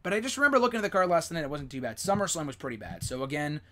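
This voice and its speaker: A man's voice: on the high side, rapid-fire. Rambling young male live-stream host. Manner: rambling, fillers, excited swearing. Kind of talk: casual live-stream chat.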